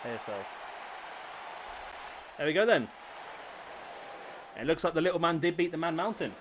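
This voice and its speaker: A man, commentating a wrestling video game on a live stream, excitable and jokey, bantering with his chat. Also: on the high side, moderate pace. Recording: game crowd noise behind voice. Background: wrestling game crowd and arena noise.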